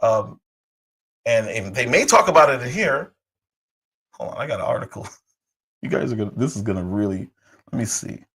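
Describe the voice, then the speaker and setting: A man hosting a political commentary livestream, hoarse from a cold, talking heatedly with rhetorical questions and frequent restarts. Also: medium pitch, expressive, moderate pace, pauses often, fairly bright tone, low-quality recording. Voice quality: husky. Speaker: livestream host.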